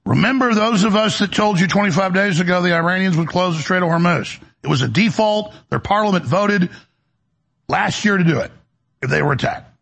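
The talk show host here rants through heated political commentary, stumbling into stammering restarts, his voice raspy and gravelly. It's a high, brisk voice with a fairly bright tone.

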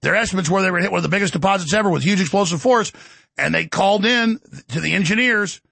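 Fiery, sarcastic man with gravelly voice. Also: high-pitched, fast talker, no room sound. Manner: sarcastic, fiery, with shouted bursts. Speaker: talk show host. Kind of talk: ranting monologue.

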